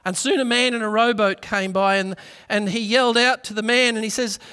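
A man's voice: sits high, fairly even intonation, brisk, sharp tone, smooth. A man preaching a sermon in a church, telling a story earnestly and acting out the voices in it. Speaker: pastor. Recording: reverberant church hall.

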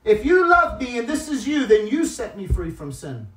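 A man with a high-pitched voice preaches a sermon, dropping to soft, confessional tones and then rising into loud, emphatic appeals. He is recorded from a distance in an echoey church hall, so his voice rings around the room. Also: huge pitch swings, moderate pace. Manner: swings between soft, tearful-toned confession and loud emphatic exhortation. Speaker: guest preacher.

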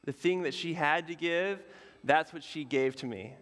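A man pastor preaching a sermon in a relaxed, conversational way, with casual asides and fillers. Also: a little high, normal speed, hardly any pauses, in a large hall. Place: church sanctuary.

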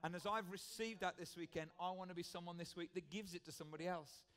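A British man delivers a church sermon in a fairly high-pitched voice. He talks in an earnest, conversational way, circling back to repeat his key phrases. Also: steady tone, quick pace, fairly bright tone. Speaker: preacher.

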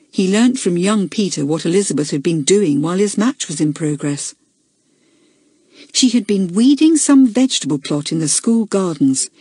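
Husky woman narrating a children's book. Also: on the low side, dark tone, no echo, clean studio sound. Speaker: audiobook narrator. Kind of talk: scripted narration.

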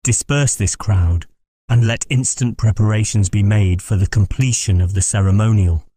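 A man voicing a stern young gentleman heir who gives formal, commanding orders in an audiobook. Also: lowish voice, moderate pace, husky, dry recording, studio quality.

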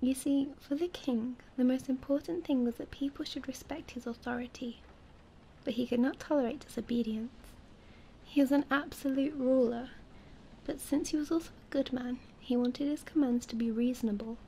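A woman reading a children's book aloud as a soothing, soft-spoken whispered role-play for sleep. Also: high-pitched, moderate pace, slight background noise. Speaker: storyteller.

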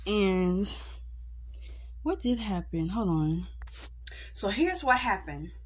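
A woman's voice: medium pitch, big pitch swings, slow pace, slightly rough. A young woman vlogger telling an indignant, slangy story in a casual rant.

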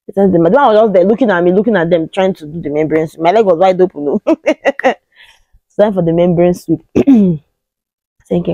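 A woman's voice: on the low side, dark tone, dry recording, dull audio. A Nigerian woman in her thirties with a Nigerian accent, telling a personal story to the camera in a casual way and acting out the voices of the people in it. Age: 30s. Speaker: vlogger.

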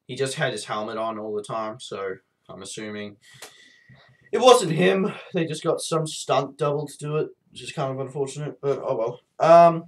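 A man's voice: mid-range voice, animated, moderate pace. A man with a sore throat and a blocked nose, reviewing TV episodes in a casual, rambling way, full of fillers and swearing.

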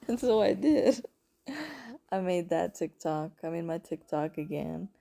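A spiritual content creator shares her personal testimony in a vlog, rambling emotionally and calling viewers "folks" and "honey." Her fairly low, warm voice is animated yet slow, with vocal fry and long pauses.

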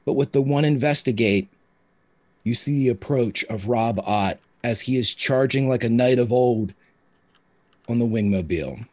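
A man's voice: medium pitch, moderate pace, a little mellow. Man narrating as game master. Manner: descriptive, loose narration with fillers.

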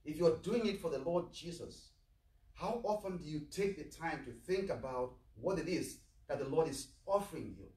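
A man's voice: on the high side, animated, moderate pace, darkish tone. A male priest giving a sermon in a plain, earnest way, putting questions to his listeners. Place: chapel of a medical center. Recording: echoey chapel, mic far off.

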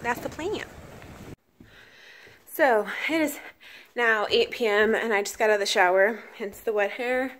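A woman's voice: mid-range voice, normal speed, a bit bright. A woman vlogger talking casually through her day, chatty and rambling, sounding tired and fatigued. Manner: rambling, chatty, plain-spoken. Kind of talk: casual daily vlog chat.

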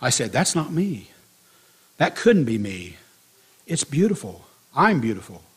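A man voicing a frightened talking teacup that cries out and pleads, in a husky voice. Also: medium pitch, very animated, a little slow, heavily acted. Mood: amazed. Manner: pleading, crying out.

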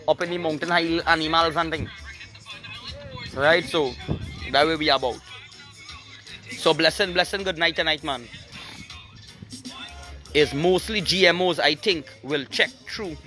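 A man holds forth in a rambling, preachy monologue, hammering his points home with emphasis. His voice is bright and forceful and sits a little high. Faint music plays behind him. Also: a little slow, pauses often. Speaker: show host.

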